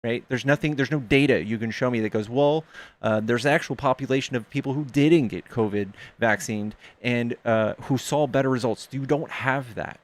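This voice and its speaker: A man's voice: mid-range voice, moderate pace. A man hosting a casual online debate, blunt and profane, leaning on statistics. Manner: blunt, swears, cites data. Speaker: debate streamer.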